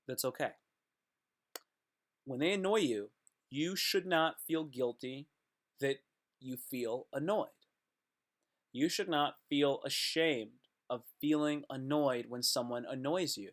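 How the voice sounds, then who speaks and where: A man talking to his viewers in a rambling casual monologue, joking around and cutting himself off. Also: mid-range voice. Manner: jokey, self-interrupting, slips into playful put-on voices.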